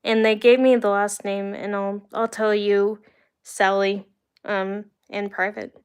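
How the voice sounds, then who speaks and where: A woman's voice: mid-range voice, level tone, a little slow, smooth. A young woman from the United States hosting a livestream, telling rambling personal stories in a chatty, casual way with the odd laugh. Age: young adult. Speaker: livestream host. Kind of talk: casual storytelling to live viewers.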